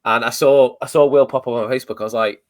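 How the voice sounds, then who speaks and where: A man's voice: mid-range voice, steady tone, fast. A man with a Northern English accent co-hosting a podcast in easygoing, casual chat. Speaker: podcast co-host.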